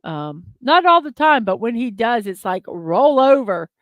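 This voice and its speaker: A woman's voice: on the high side, sing-song, normal speed, a bit bright, dry recording. A woman hosting a daily morning livestream, chatting casually and giggling as she talks to viewers in the chat. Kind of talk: casual live-stream chat.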